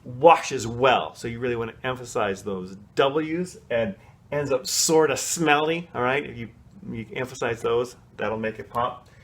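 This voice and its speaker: A man teaching a children's choir, explaining solos in a relaxed, chatty way and singing short snippets to show how they go. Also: medium pitch, moderate pace. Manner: casual, explanatory, sings short snatches to demonstrate. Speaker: music teacher. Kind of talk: coaching a kids' choir on song solos.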